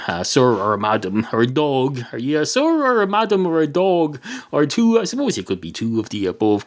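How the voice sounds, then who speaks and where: A man's voice: medium pitch, lightly acted. Nosy male pub patron who rambles on, a man voicing him in a joke. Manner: rambling, chatty.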